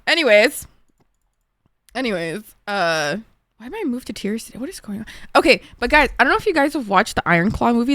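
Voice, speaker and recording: A woman's voice: fairly high pitch, fairly bright tone, no echo. A young woman streamer chatting casually with her viewers, emotional and swearing freely. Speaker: live streamer.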